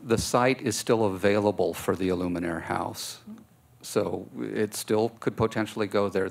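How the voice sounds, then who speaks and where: A man's voice: low-pitched, vocal fry. A man on city staff answering a board member's question matter-of-factly in a city hall meeting chamber. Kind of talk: public meeting remarks.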